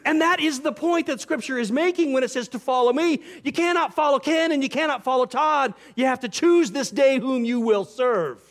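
A pastor preaching a sermon, explaining Greek grammar and acting out short quotes. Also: male voice, extremely high pitch, a little fast, few pauses.

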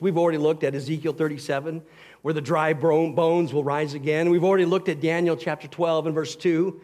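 With a fairly high pitch, a pastor preaches earnestly and emphatically, his sermon alternating between loud passages and softer ones.

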